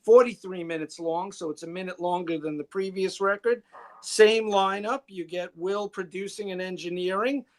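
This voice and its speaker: A man with a fairly high voice walks through an album's credits and release details. His delivery is informative and matter-of-fact, and he speaks over a video call. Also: normal speed. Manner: informative, reading off facts. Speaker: podcast co-host. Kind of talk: album review talk.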